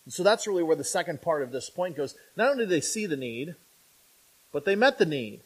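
A man with a high voice for his sex preaches a sermon to his congregation. He talks in a conversational way, often tossing in a quick "right?" and jumping into the voices of imagined people. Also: breathy edge. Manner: animated, acting out imagined speakers.

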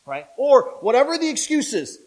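A male pastor preaching a sermon in a conversational, animated way, asking the listeners questions and acting out the voices of people in the story. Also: very high-pitched, normal speed, poor audio. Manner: animated, acts out quoted voices; conversational, asks the audience questions.

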